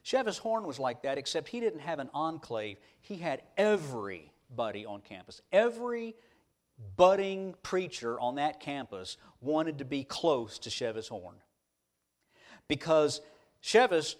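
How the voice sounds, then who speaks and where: A man's voice: fairly high pitch, a little slow. A man preaching a sermon, telling stories in a folksy way with many restarts. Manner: animated, folksy, with repeated restarts. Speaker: pastor. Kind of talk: storytelling sermon.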